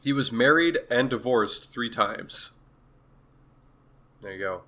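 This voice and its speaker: A man's voice: medium pitch, animated, takes it slowly, sharp tone. A man co-hosting a podcast in casual chat, laughing often and reading facts aloud. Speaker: podcast co-host.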